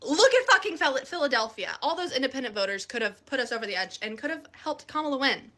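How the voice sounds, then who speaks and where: Woman telling a story, bright and sharp, voice goes up and down a lot. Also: sits high, fast talker. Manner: animated, profane storytelling. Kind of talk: storytelling to camera.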